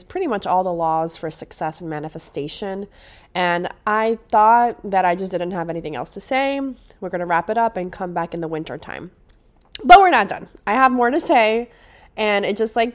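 A young woman hosting her own podcast, talking in a chatty, enthusiastic way while stuffy from a cold. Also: mid-range voice. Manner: chatty and enthusiastic, with frequent restarts. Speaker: podcast host. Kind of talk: casual solo podcast monologue.

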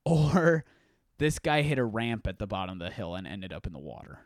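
A man hosting a casual solo podcast, rambling through animated stories with frequent restarts. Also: medium pitch, moderate pace, no echo, clean studio sound. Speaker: podcast host.

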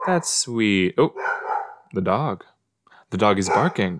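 With a fairly low, sing-song voice, this man speaks slowly and leaves long pauses. He's a podcast host giving casual reactions to a show he's watching, musing aloud in a chatty way and talking to the screen.

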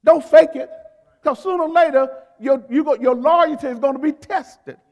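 A man's voice: very high voice, moderate pace, darkish tone. A man preaching a sermon in a church, calling on the congregation to repeat key words and stretching out his emphatic phrases. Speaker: pastor. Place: church sanctuary. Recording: long reverb of a large hall.

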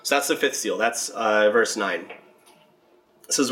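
A man explaining a Bible passage in a relaxed, conversational way, often checking in with "right?" and reading scripture aloud. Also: on the low side, a little slow, pauses often, poor audio. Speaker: Bible teacher. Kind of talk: casual Bible teaching.

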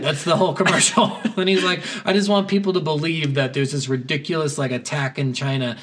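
A man's voice: fairly high pitch, moderate pace, recorded from a distance. A young man co-hosting a casual game talk, telling stories with swearing and laughing impressions. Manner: profane, animated storytelling with laughing impressions. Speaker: podcast co-host.

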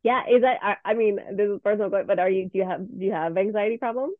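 A woman's voice: mid-range voice, fast, no room sound. A woman guest in casual interview chat, talking candidly and expressively, swearing freely, from Canada. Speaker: podcast guest, playwright and actor. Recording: tinny phone-like line, dry.

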